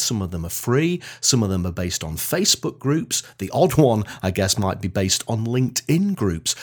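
Lively English podcast host. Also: male voice, fairly low pitch. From England. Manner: lively, chatty presenter. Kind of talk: podcast interview. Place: home, on a windy day. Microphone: video call.

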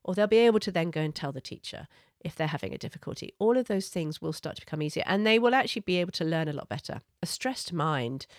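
A woman giving parenting advice in a gentle, earnest, explanatory way. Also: deep voice, dry recording, clean studio sound. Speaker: parenting coach.

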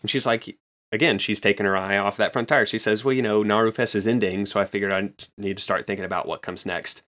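A man's voice: lowish voice, fairly even intonation, quick pace, fairly bright tone. A man chatting casually on a podcast, retelling manga scenes with enthusiasm and rambling asides. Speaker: podcast co-host. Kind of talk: casual chat recapping a manga.

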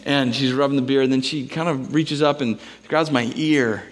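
A man's voice: mid-range voice, fairly even intonation, normal speed. A man, a pastor, preaching a sermon in a casual, conversational way, mixing scripture with personal stories.

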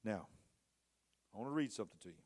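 A man preaching a passionate sermon, swinging between hushed, intimate lines and loud, rising storytelling. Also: on the low side, expressive, fast talker. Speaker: pastor.

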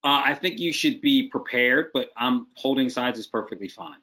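Guy casting director on a video call, blunt and emphatic, middle pitch. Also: normal speed, bright, forceful tone. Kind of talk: advice in a video-call interview.

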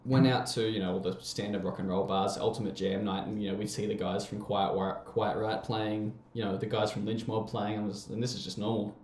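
A man's voice: lowish voice, steady tone, brisk, hardly any pauses, a little mellow, echoey room. Rambling Australian guy telling stories. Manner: rambling, swearing, laughs often. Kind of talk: casual storytelling chat.

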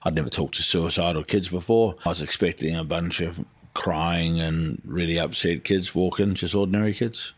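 Low-voiced New Zealand man telling stories. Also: moderate pace, husky, no room sound. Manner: lively storyteller who acts out dialogue. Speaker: guest. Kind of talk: storytelling interview.

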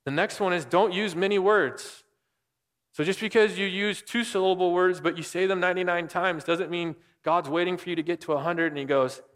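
A pastor with a high, fairly bright voice gives a conversational sermon, explaining scripture and putting questions to the listeners. A long hall reverb trails his words.

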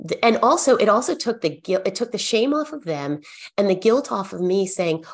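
A woman's voice: on the low side, fairly quick, vocal fry, husky. A middle-aged woman, an accountant, sharing earnest stories in a podcast interview and acting out what she and her clients said. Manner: earnest, animated storytelling with quoted dialogue. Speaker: accountant and guest.

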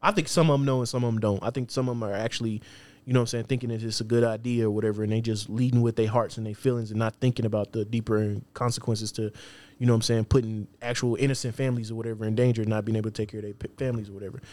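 A man's voice: on the low side, fairly even intonation, rapid-fire, a little mellow. Male podcast co-host, rambling, filler-heavy casual talk. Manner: rambling, repeats words, many fillers. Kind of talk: casual chat.

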